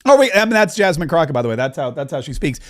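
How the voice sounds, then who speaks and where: High-voiced, mocking male talk host. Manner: animated, mocking, rapid rants with restarts. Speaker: political talk show host. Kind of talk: opinionated political commentary.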